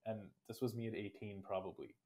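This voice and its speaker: A man's voice: fairly low pitch, brisk, warm tone. A man in his twenties from India, answering interview questions in a reflective, thoughtful way. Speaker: guest. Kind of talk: casual interview.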